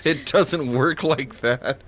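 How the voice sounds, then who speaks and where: A man's voice: mid-range voice, slow pace, a bit bright. A man co-hosting a podcast in casual chat, making crude jokes and laughing often. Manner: crude joking, frequent laughter. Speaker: podcast co-host.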